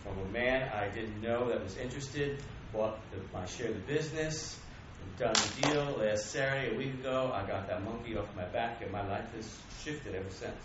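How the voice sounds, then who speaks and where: A man's voice: medium pitch, moderate pace, few pauses. A man from the audience telling an earnest personal testimony. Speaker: audience member giving a testimony. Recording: distant, very echoey, muffled, noisy.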